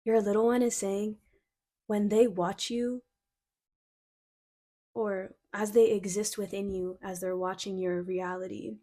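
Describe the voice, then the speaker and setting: A young woman doing a casual intuitive card reading, excitable and giggly, gushing and a bit flustered, full of "like" fillers. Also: mid-range voice, measured pace, long pauses. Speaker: tarot card reader.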